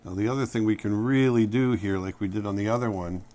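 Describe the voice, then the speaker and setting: A middle-aged man narrating a drawing tutorial, relaxed and thinking aloud as he sketches. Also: fairly low pitch, quick pace. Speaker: drawing instructor.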